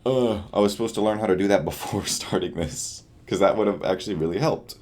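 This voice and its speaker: Late at night, a young man with a very low, deep voice talks through a video diary, tired and a little mellow. He rambles fairly quickly, puts himself down, and often trails off with a shrug in his voice.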